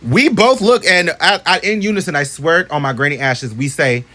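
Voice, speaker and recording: Animated man telling a spooky storytime. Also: normal speed. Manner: animated, profane, chatty, swings into high voices for others. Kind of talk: casual storytime to camera.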